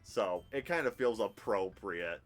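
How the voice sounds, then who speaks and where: A man in his thirties talking on a live stream, chatty and candid, in a fairly low voice. He wanders from thought to thought at his desk, with faint music playing underneath. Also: animated, measured pace. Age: 30s. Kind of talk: casual live-stream chat and game narration. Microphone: headphones with desk mic.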